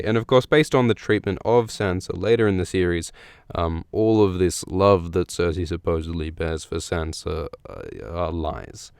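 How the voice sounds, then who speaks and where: A man hosting a podcast in a chatty, rambling voice that often restarts his sentences. His voice is low and smooth. He is recorded close to the mic in a dry space with no echo. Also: moderate pace. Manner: chatty, with many fillers and restarts. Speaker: podcast host. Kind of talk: casual chat about a book.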